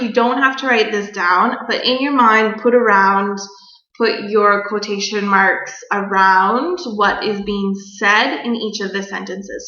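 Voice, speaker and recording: A young woman teacher giving a recorded grammar lesson, explaining clearly and patiently to children. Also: mid-range voice, pushed and bright. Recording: dull echoey room recording.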